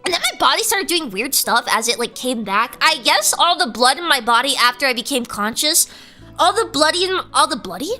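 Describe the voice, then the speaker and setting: A woman streamer chatting through a story in a very high, bright voice. She is animated and giggly, swinging her pitch widely as she acts out quotes. Faint music sits in the background. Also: fairly quick. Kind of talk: casual storytelling.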